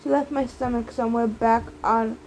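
A woman reading a first-person novel aloud in a brisk, lively storytelling manner. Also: fairly high pitch, slight background noise, rough recording. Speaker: audiobook reader.

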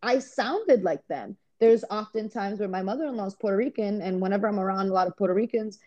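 A woman's voice: medium pitch, fast talker, a little mellow, highs cut off. Chatty woman podcast guest from Rhode Island. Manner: chatty, filler-heavy, enthusiastic. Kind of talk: casual podcast chat.

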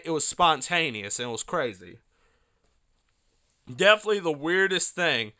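A man hosting a solo podcast, telling a story in an excitable, animated way, often laughing, recorded on a phone. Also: fairly high pitch, clean tone. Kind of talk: casual storytelling monologue.

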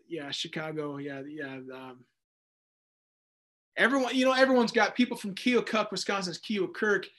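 A man's voice: high-pitched, sharp tone. A man casually teaching a Bible study, talking loosely with restarts and acted-out asides. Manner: conversational, rambling, with frequent restarts and acted-out asides.

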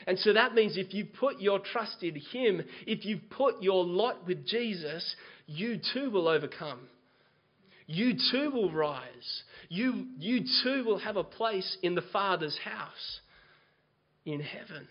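A man preaching a sermon, moving from quiet scripture reading to loud, impassioned exhortation. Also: sits high, lively intonation, slow, muffled recording. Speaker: pastor.

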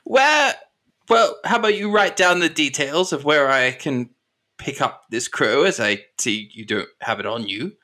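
A man voicing a scheming male colonel who bargains in a haughty, drawn-out way. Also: a little high, lively intonation, pushed and bright, pitched above the performer's own voice. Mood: brisk. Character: scheming male colonel, crime boss buyer.

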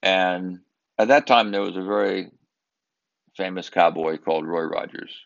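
Deep gravelly older man telling a story. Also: fairly bright tone, dull audio. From Southern California. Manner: earnest, emphatic, with halting repetitions. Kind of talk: personal storytelling.

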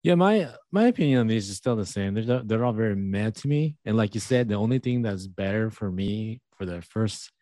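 A man's voice: fairly low pitch, animated, brisk, few pauses, dark tone, no room sound. A man co-hosting a podcast in casual chat, laid-back and easygoing. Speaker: podcast co-host.

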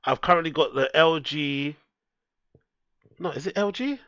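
A man's voice: a little high, a little slow, a bit bright, no echo. Man, casual live-stream chat, easygoing, foul-mouthed, dry dull headset sound. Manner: laid-back, swears a lot, talks straight to his chat. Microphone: headset microphone.

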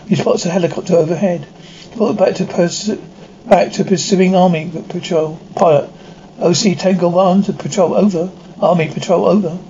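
A man with a high, mellow voice reads an audio-described episode aloud, voicing every part plainly. His reading is unpolished, full of slips and restarts. The lo-fi recording sounds dull, with faint noise.

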